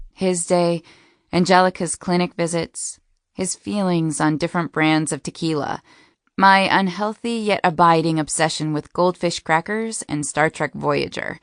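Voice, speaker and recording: Low, slow, gravelly woman narrating a romance. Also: no room sound, clean studio sound. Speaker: audiobook narrator. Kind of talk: first-person romance audiobook narration.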